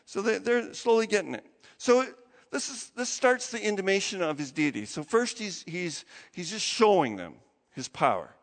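Casting: high-voiced, animated male pastor, chatty sermon with acted-out quotes, reverberant hall. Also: moderate pace. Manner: conversational, acts out quotes with big pitch jumps.

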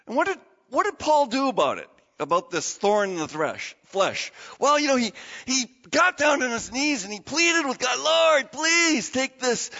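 A male pastor preaching an animated sermon with a high, lively voice that swoops up and down. His sound is dull and hangs in the long reverb of a church. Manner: animated and dramatic, asks the audience questions.

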